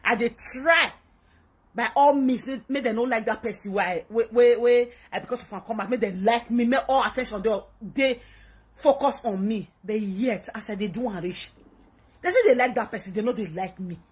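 A woman's voice: fairly high pitch, normal speed, breathy edge. A woman with a Nigerian accent in a played clip, talking in a rambling, hesitant way. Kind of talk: confessional clip.

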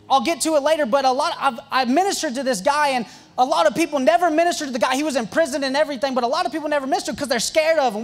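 A young man, a youth pastor, telling stories in an excitable, joking sermon full of quick asides and restarts. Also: very high voice. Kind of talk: storytelling sermon.

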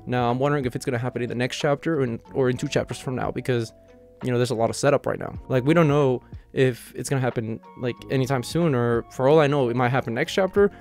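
Guy doing a rambling fan review, mid-pitched, eager, faint music underneath. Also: quick pace, gravelly, a little mellow. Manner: enthusiastic, rambling, heavy use of "you know" and "like". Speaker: manga reviewer. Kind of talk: casual chapter review.

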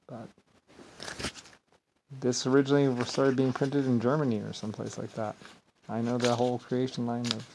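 A man giving a rambling solo monologue to camera, grandiose and self-assured, looping back on himself and swinging between loud and quiet. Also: medium pitch, gravelly, slight background noise, poor audio. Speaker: vlogger.

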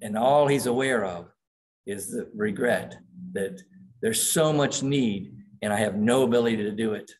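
A man's voice: fairly low pitch, moderate pace. Man preaching a sermon, dramatic readings. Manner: reads quoted passages aloud with dramatic emphasis. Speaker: pastor.

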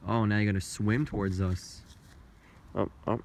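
Young man, low-pitched, playful vlog narration, handheld phone outdoors, wind and background noise. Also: steady tone, moderate pace, vocal fry, darkish tone. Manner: joking, playful narration to camera. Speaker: vlogger. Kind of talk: casual travel vlog. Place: outdoors in a park by a lake. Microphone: handheld phone camera.

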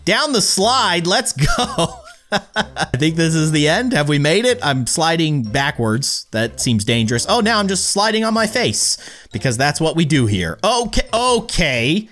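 A man giving excitable let's-play commentary as a gaming YouTuber, pleading with the game and cheering on a teammate. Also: fairly high pitch, moderate pace.

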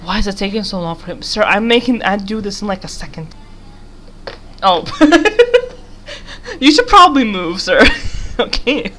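Young woman, bright voice, gameplay commentary, giggly and rambling, faint hiss behind. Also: medium pitch, sing-song, a little slow, pauses often. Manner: giggly, rambling, talks to game character. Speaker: gaming YouTuber.

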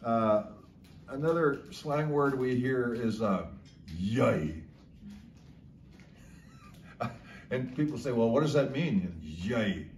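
A man's voice: medium pitch, darkish tone, a little hiss or hum. A man casually explaining local slang words, chuckling often as he talks. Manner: slow, chuckling, drawn-out storytelling. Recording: echoey room, slightly distant mic.

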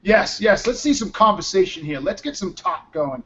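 Tired male host, high-pitched and loose, rambling with a bit of profanity, muffled lo-fi stream sound. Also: expressive, normal speed, sharp tone. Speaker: show host. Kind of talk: casual live web show chat. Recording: dull lo-fi stream audio.

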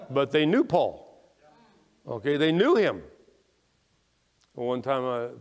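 A male pastor preaching a sermon, emphatic when quoting scripture and dropping quiet to reflect, often checking in with "okay?" and restarting words. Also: mid-range voice. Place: church sanctuary. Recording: long echoing reverb of a church hall.

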